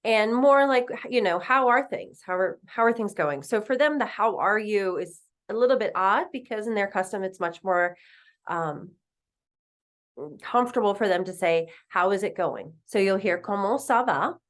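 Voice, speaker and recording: A woman teaching a recorded French lesson, patiently explaining and repeating phrases slowly. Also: medium pitch.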